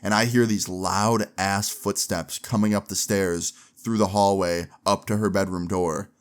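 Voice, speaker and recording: A man's voice: sits low, a little slow. Young man telling a story casually. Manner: casual, slangy, lively storytelling. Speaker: vlogger. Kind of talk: storytime vlog.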